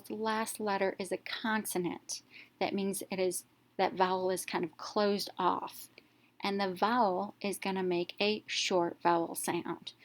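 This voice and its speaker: A woman teacher narrating a reading lesson, explaining step by step and sounding out letters clearly. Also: mid-range voice.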